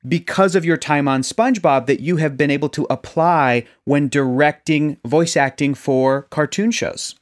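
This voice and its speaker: Upbeat lower-voiced woman co-host. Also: moderate pace, hardly any pauses. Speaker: podcast co-host. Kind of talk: casual interview chat.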